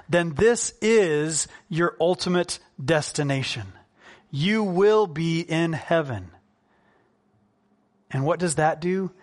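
A man preaching from the pulpit in a somewhat higher voice. He is earnest and conversational, and he slows down on the points he wants to land. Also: fairly bright tone. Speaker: pastor. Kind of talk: sermon.

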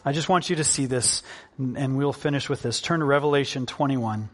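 A man preaching a sermon in an earnest, conversational way, slowing down to stress key points. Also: medium pitch. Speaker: pastor.

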